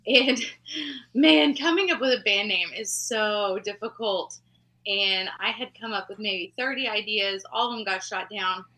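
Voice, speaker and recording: A woman's voice: medium pitch, a little slow, bright, forceful tone, rough recording. A woman from Texas, the singer-songwriter of a rock band, talking casually in an interview. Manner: chatty, laughs easily.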